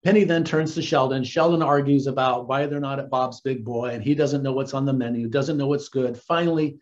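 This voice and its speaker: A man working as a dating coach, giving casual, earnest advice and calling his listeners guys and gentlemen. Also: medium pitch, fairly even intonation, brisk, muffled recording.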